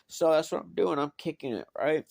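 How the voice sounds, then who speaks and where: A man telling a personal story in a casual, profane, animated way, full of fillers. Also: a little high, fairly quick, gravelly, dry recording, clean studio sound. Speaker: vlogger.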